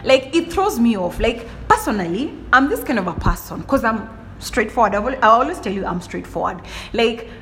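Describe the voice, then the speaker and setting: Animated young woman with a higher voice. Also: moderate pace, slight background noise. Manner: animated storytelling, frequent "like" and "do you understand?". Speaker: podcast host. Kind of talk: casual solo monologue.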